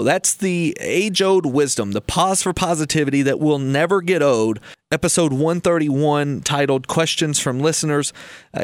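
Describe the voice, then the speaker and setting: A man's voice: fairly high pitch, no echo, studio quality. A man hosting a podcast, telling a story and reflecting on it in a friendly, casual way. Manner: friendly, reflective, with filler restarts. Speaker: podcast host.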